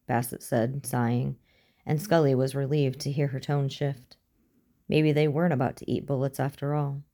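A woman reading a story aloud as narrator, in a steady, even manner. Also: rumbling low, normal speed. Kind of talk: audiobook narration.

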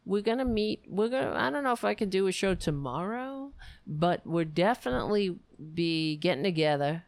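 Wrapping up her stream, a woman chats casually, rambling and venting warmly to her viewers. She speaks at a normal speed in a mid-range voice with lively intonation and a slightly mellow quality. No echo is heard.

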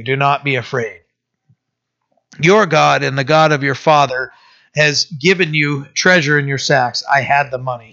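A male pastor giving a conversational sermon, with many fillers and restarts, who slows down to read scripture aloud. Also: fairly high pitch, gravelly, bright, forceful tone, highs cut off. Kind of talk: sermon, informal Bible teaching.

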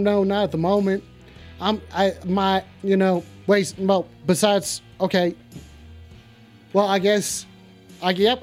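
Brash high-voiced man hosting a joke call-in show. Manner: brash, profane, hyped-up announcing. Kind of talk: comic stream call-in bit.

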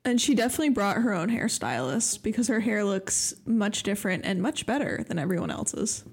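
A woman's voice: mid-range voice, animated, fairly quick. A woman chatting casually on a podcast, dropping dry, wry remarks. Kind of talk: casual chat.

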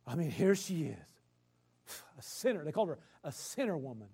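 A male preacher delivering a sermon, emphatic and repetitive, swinging from loud bursts to quiet explaining. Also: fairly high pitch, sing-song, brisk, breathy edge.

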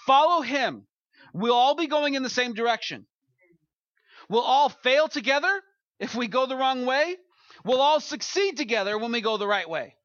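A man's voice: sits high, sharp tone, no room sound, highs cut off. A man as pastor, preaching a sermon and leading a closing prayer, earnest and building to emphatic peaks.

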